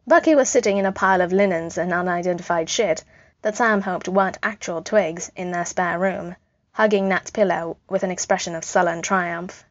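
Brief: woman narrator, wry and dry, lowish voice, close dry lo-fi recording. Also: normal speed, no room sound. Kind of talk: audiobook reading of fan fiction. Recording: dull lo-fi recording.

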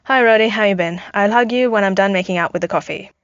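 A woman's voice: mid-range voice, fast talker, no room sound, natural voice. Sarcastic sleepy inventor guy, drawling, read by a woman; dry, muffled audio. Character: wisecracking sleepy adult male inventor. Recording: dull lo-fi home recording.

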